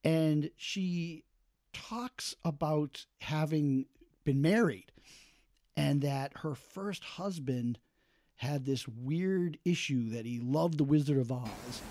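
Animated man telling a film story. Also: a little high, takes it slowly, no echo, studio quality. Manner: animated, acts out quotes, many fillers. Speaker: podcast host. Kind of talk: casual storytelling about films.

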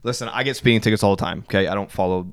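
A man co-hosting a casual podcast, telling animated stories with mock outrage. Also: lowish voice, very fast, clear, resonant tone. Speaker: podcast co-host. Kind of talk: casual chat.

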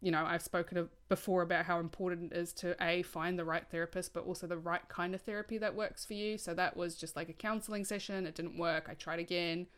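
A young woman on a podcast, sharing candid and earnest thoughts in a casual chat. Her voice sits a little low, and "like" crops up often as she talks. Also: fairly even intonation, quick pace, few pauses, a bit bright, clean tone. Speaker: podcast co-host.

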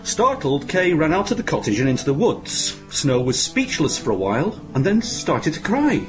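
A man's voice: a little high, very animated, moderate pace. Sarcastic male narrator over music. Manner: grumbling, sarcastic asides. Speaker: host and narrator. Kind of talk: comic storybook narration.

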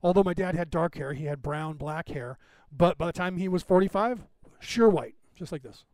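A man's voice: fairly high pitch, moderate pace, a little mellow, no room sound. A man in his fifties hosting a podcast, rambling casually through anecdotes and laughing often. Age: 50s. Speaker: podcast host.

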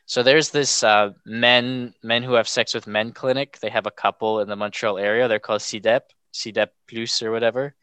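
A man's voice: medium pitch, fairly even intonation, normal speed, few pauses, a bit bright, clear, resonant tone, no room sound. A young man telling stories casually as a podcast guest, rambling and filling almost every phrase with "like". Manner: rambling, filler-heavy, says "like" constantly. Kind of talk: casual storytelling.

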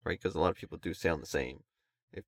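A man co-hosting a casual podcast, chatty and quick to chime in with agreement. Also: low-pitched, no room sound. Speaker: podcast co-host.

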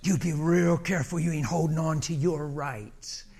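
A man's voice: a little high, normal speed, a little mellow. A male pastor preaching a sermon in a folksy, humorous, colloquial way.

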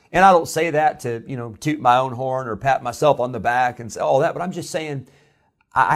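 In a sermon, a medium-pitched male pastor from Illinois relates something that happened to him. His telling is relaxed and conversational, with many "uh"s and restarted phrases.

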